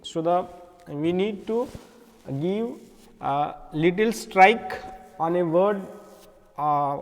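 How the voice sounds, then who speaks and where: A man with an Indian accent, teaching English, lectures a class in a fairly high voice. He explains patiently, repeats key words, and pauses often with fillers. A long reverb trails his voice.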